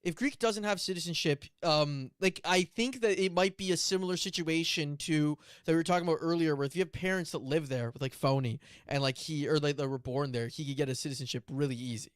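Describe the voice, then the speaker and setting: A man's voice: on the high side, brisk, few pauses, clear, resonant tone, dry recording, studio quality. A man co-hosting a casual stream, chatty and rambling, laughing often between remarks. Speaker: stream co-host.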